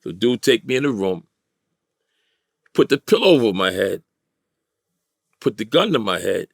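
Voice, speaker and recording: A man's voice: on the low side, big pitch swings, moderate pace, creaky, no echo, studio quality. Middle-aged New York man telling a story. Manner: vivid street-style storytelling, acts out quoted voices. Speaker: interview guest. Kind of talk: storytelling interview. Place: studio.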